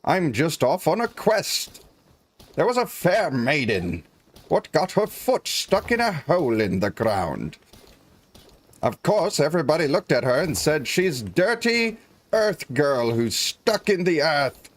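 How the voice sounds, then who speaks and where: A man voicing a rustic, boastful male adventurer who tells a tall tale in slow, quaint, drawn-out folksy speech. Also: a little high, sing-song, pitched above the performer's own voice, heavily acted.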